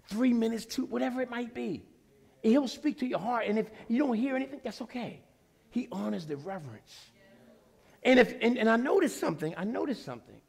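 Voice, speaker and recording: A man preaching with a very high, gravelly voice and lively, animated delivery. His tone is husky and rough-edged, and he moves from quiet asides to full shouts as he exhorts the congregation. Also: fairly quick. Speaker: pastor. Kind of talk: sermon.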